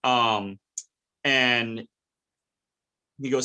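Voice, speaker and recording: A man with a bright, forward tone hosts a casual podcast. He retells scenes with lively, animated storytelling. He keeps it chatty and relaxed, mid-pitched. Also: unhurried. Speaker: podcast host.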